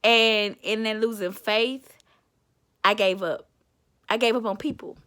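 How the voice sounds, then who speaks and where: A woman's voice: fairly high pitch, fairly even intonation, measured pace, fairly bright tone, smooth. A woman motivator telling a personal story in a candid, chatty vlog, calling the listener honey and baby. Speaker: self-described motivator.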